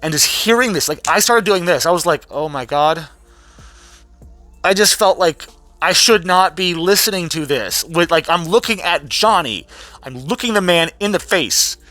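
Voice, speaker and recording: Young dude doing a sweary fast recap vlog, lots of "like," kinda high bright voice. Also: male voice, no echo, soft background music. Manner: profane, animated, heavy use of "like" and restarts. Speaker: vlogger recapping a trial.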